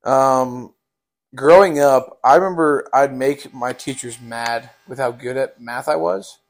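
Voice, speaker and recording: A man's voice: medium pitch, a little slow, vocal fry. Young man, casual storytime, rambling, lots of filler words. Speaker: podcast host telling a story.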